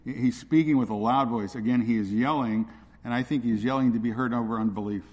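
A man's voice: medium pitch, steady tone, fairly quick, a little mellow. Earnest preacher man in a reverberant hall. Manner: earnest, repeats points for emphasis. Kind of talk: expository sermon. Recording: long reverb of a large hall.

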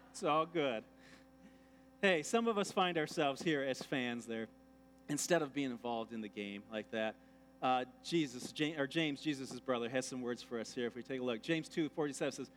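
A man's voice: medium pitch, fairly bright tone, slight background noise. A man preaching a sermon in a church, conversational and jokey, acting out the voices of the people he quotes. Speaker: pastor. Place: church sanctuary.

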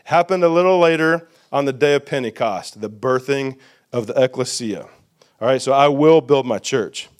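A man's voice: mid-range voice, normal speed. A man preaching a sermon to his congregation as pastor, emphatic and repetitive, putting questions to the listeners. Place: church sanctuary.

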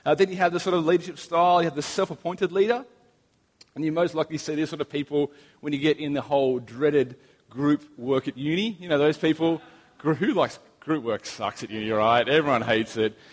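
Young Australian male preacher, slightly raised pitch, easygoing anecdotal delivery, long hall reverb. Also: brisk. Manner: relaxed, anecdotal storytelling with humor. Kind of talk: sermon.

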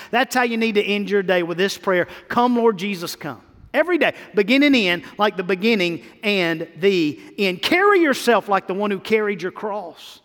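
A man's voice: sits high, fairly bright tone, in a large hall. A male pastor preaching a sermon to his church, building emphatic repeated phrases. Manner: preaching with rising, emphatic repetition.

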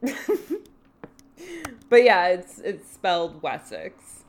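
A woman's voice: fairly low pitch, very animated, slow, slight background noise. A woman co-hosting a podcast, recapping a TV episode in casual chat with a dry, wry manner. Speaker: podcast co-host.

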